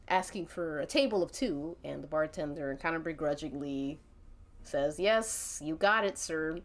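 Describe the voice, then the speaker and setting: A woman streamer narrating an interactive story in a casual, rambling way, laughing often between lines. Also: on the low side.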